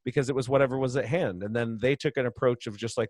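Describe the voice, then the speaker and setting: A man talks through a long, chatty explanation as a podcast guest, laughing along the way. His voice sits at a middling pitch. The sound is dry and close, carried over a video call. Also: fast talker, darkish tone, no echo. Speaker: brewery co-founder guest. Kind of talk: casual podcast interview.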